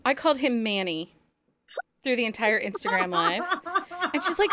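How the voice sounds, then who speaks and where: A woman in her forties hosting a podcast interview, chatty and quick to laugh at herself. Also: on the high side, expressive, fairly bright tone. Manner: chatty, laughs often, self-deprecating. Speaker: podcast host.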